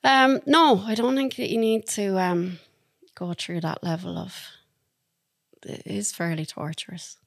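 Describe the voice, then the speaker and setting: An Irish woman, a podcast guest, telling stories in a chatty, animated way, laughing now and then. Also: medium pitch, unhurried, gravelly, dry recording, studio quality. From Ireland. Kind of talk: casual storytelling.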